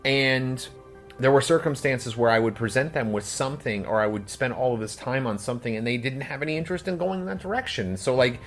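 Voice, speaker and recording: Faint music plays behind a man talking a little fast in a medium-pitched voice. He co-hosts a casual podcast as its game master and goes into long explanations, leaning heavily on "like."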